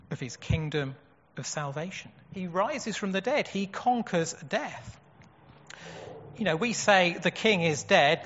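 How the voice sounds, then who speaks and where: A man's voice: fairly high pitch, a bit bright, slight background noise. A man preaching a sermon in an earnest way, asking rhetorical questions. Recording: dull echoey hall.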